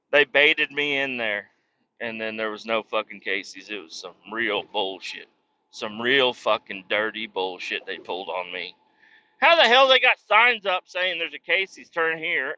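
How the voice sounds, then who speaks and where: Forceful, profane man ranting. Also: medium pitch. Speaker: truck driver. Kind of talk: casual rambling monologue. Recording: slightly muffled lo-fi recording.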